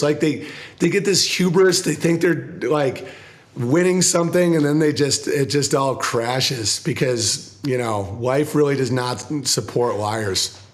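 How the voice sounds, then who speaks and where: A comedian talking casually in an interview, rambling, swearing, and acting out other people's voices. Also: male voice. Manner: profane, rambling, acts out quoted people in lower voices. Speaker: comedian guest.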